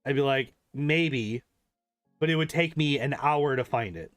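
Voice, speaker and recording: A man's voice: medium pitch, a little fast, dry recording, faint music behind. A man chatting casually and rambling while playing a game, swearing freely and laughing often. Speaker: gaming streamer.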